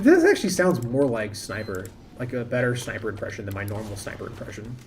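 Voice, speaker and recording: A man's voice: mid-range voice, very animated, quick pace, hardly any pauses, a little hiss or hum. A man streaming a game, chatting casually and thinking aloud in a rambling, self-interrupting way. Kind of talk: casual live-stream commentary.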